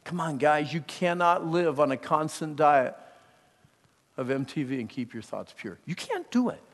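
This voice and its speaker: A middle-aged man preaching a sermon, emphatic, moving from hushed, intimate lines to loud bursts, with storytelling asides. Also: fairly high pitch, a little slow, long reverb tail. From Pennsylvania.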